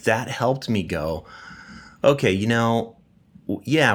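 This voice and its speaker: A man's voice: fairly low pitch, a bit bright. A middle-aged man with a wheezy voice from a cold, chatting casually as a podcast host and laughing at his own stories. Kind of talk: casual monologue.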